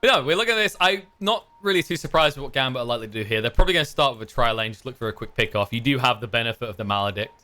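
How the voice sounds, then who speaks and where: A man's voice: mid-range voice, animated, racing, few pauses, bright, forceful tone. A man casting an esports match in casual commentary, joking and bantering playfully with his co-caster.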